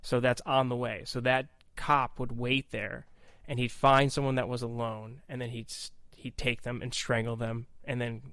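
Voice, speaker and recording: A man appearing as a guest expert on a podcast, explaining things in energetic, casual storytelling. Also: medium pitch, normal speed, smooth, no echo.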